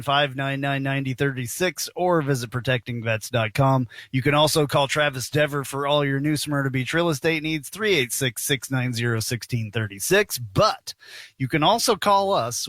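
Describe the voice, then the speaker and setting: A man hosting a sports talk radio show from a studio, speaking briskly and upbeat as he reads sponsor spots and the call-in number. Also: mid-range voice, a bit bright, dry recording. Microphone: studio microphone.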